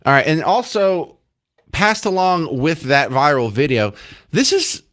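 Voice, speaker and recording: A man's voice: fairly high pitch, big pitch swings, unhurried, a bit bright. Sarcastic man hosting talk radio. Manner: sarcastic, mock-incredulous. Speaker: radio host.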